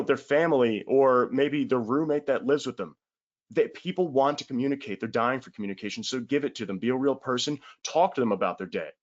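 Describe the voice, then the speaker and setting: A man's voice: mid-range voice, muffled recording. A man giving a casual webinar sales talk, blunt and emphatic, in colloquial words with the odd swear.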